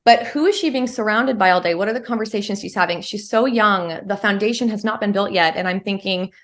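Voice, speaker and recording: A woman's voice: mid-range voice, fairly quick. A woman in her thirties from California, a mother of three, telling her story in casual conversation with many fillers. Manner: chatty, frequent fillers like "um" and "like". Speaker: interview guest, homeschooling mother of three.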